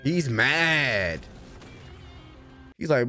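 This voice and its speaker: A young man hosting an anime reaction, casual and slangy, swinging from low grumbling to loud cheering as he talks to the screen. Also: sing-song, slow, faint music behind. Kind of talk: excited reaction commentary.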